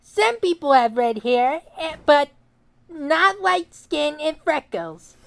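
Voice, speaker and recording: A man's voice: very high voice, very animated, takes it slowly, gravelly, fairly bright tone, full character voice. A man voicing a smug, hateful schoolboy who delivers a class speech in a nasal, sneering, mock-solemn way. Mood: disgusted. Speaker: student speaker. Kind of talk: cartoon voice acting.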